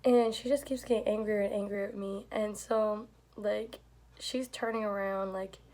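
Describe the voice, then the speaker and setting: A woman's voice: mid-range voice, fairly even intonation, moderate pace, dark tone. A young woman telling a story in a casual vlog, chatty and full of "like", swearing now and then. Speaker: vlogger.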